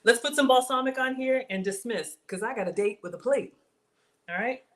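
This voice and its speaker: A woman's voice: on the high side, a little fast. Chatty woman hosting a livestream. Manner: chatty, reads viewer comments, says y'all. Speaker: livestream cooking host. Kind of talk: casual livestream chat.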